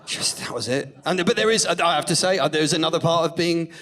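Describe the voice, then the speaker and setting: A man's voice: fairly high pitch, brisk, fairly bright tone, distant mic. A middle-aged British man doing a sweary, mocking stand-up rant in a comedy club. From Britain. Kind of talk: live stand-up set.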